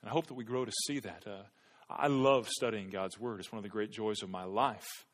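A man's voice: lowish voice, fairly quick. A male pastor preaching an earnest sermon to his church, often repeating words as he builds emphasis. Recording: long hall reverb.

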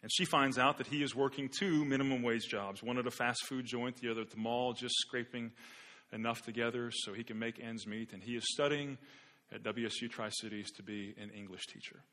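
A man's voice: medium pitch, steady tone, brisk, pushed and bright. A man preaching a sermon as a pastor, telling an illustrative story in an earnest way with occasional repeated words.

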